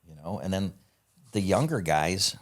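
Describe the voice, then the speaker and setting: A man with a low, deep voice tells a rowdy story in a relaxed, casual way. His talk is full of profanity, and he acts out the lines of the people he quotes. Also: a little slow. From United States. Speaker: podcast guest.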